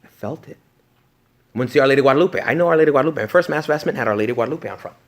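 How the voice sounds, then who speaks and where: A man, a priest, giving a retreat talk to young adults, joking and animated one moment and hushed the next. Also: mid-range voice, racing.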